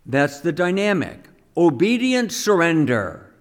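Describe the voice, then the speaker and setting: A man with a somewhat high voice giving a teaching homily. He speaks conversationally, often putting questions to his listeners. He acts out the quoted speech as he goes. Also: very animated, takes it slowly.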